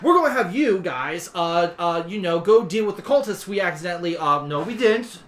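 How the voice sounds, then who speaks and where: A man's voice: high voice, animated, brisk, voice pushed up. A man voicing a greedy, fawning two-headed dragon king who repeats "yes, yes" endlessly while his two heads bicker. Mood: scheming.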